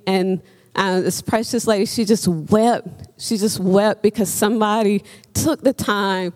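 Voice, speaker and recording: An earnest woman preaching a sermon, stressing her points and pausing on frequent ums. Her voice sits at an ordinary pitch for a woman. It rings out with a long echo, as in a church hall. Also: a little mellow.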